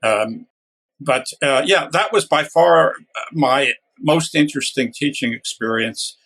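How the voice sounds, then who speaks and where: An older man, a guest author, talking casually with frequent pauses and wry humor. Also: medium pitch, vocal fry, a bit bright. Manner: hesitant, many uhs and restarts, wry humor. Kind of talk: casual podcast interview.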